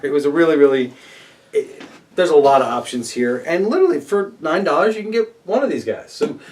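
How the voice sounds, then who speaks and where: A man's voice: fairly high pitch, lively intonation, brisk, darkish tone. Chatty man on a distant mic. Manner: chatty, upbeat, stumbles over names. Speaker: co-host. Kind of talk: casual chat reviewing crowdfunding campaigns.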